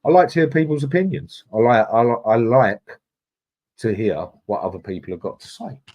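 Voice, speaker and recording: A man's voice: mid-range voice, moderate pace, a little mellow. A man hosting a casual live stream, chatting in a matey way and reading out viewers' comments. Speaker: livestream host.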